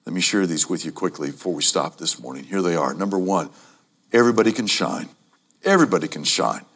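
A man preaching a sermon to a congregation, emphatic, repeating key phrases and speaking to the audience as ladies and gentlemen. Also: deep voice, animated, fairly quick, breathy edge.

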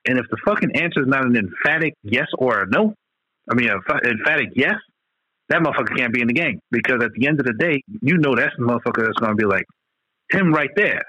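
A man's voice: medium pitch, lively intonation, fast, bright, forceful tone, husky, no room sound, highs cut off. A man in casual podcast chat, talking loosely and profanely, rambling between points with lots of restarts.

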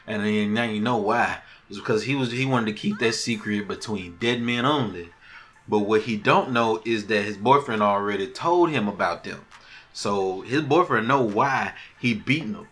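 A man hosting a podcast, recapping a TV episode in a loose, animated way and acting out the characters' lines. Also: lowish voice, normal speed. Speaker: podcast host.

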